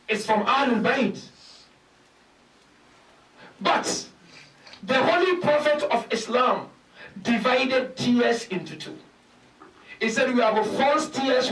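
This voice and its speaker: A man with a very high, bright voice preaches slowly and deliberately, counting out his points and asking rhetorical questions. His emphatic delivery swells to shouted peaks. He sounds far from the mic in an echoey hall. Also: animated. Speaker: sheikh giving a lecture. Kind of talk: sermon. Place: large mosque hall.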